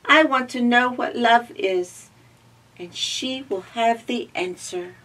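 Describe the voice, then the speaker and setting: A woman voicing an earnest, curious young robot in a storybook read-aloud, her voice raised high and bright. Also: takes it slowly, recorded from a distance, rough recording. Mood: eager. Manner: bright, eager questioning.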